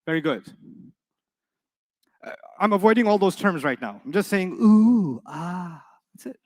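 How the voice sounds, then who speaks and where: A man teaching an Arabic grammar class in a classroom, playful and animated, quizzing his students with quick questions. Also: high voice. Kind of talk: classroom lecture.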